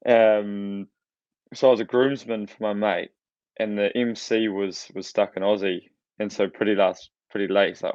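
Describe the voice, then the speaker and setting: Low-voiced New man, dry lo-fi sound. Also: level tone, normal speed, darkish tone, no room sound. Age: 30s. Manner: self-deprecating, rambling anecdotes with fillers. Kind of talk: casual chat. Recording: dry, dull lo-fi mic.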